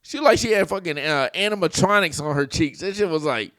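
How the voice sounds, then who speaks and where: A man's voice: a little high, lively intonation, a little fast, few pauses, fairly bright tone, no room sound, clean studio sound. A man hosting a casual reaction video, telling stories with lots of swearing and laughing at the clips.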